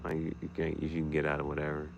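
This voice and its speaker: A man vlogging late at night, thinking out loud and trailing off into mutters and restarts. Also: very deep voice, monotone, fast, creaky, dull audio, a little hiss or hum. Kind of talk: late-night rambling vlog.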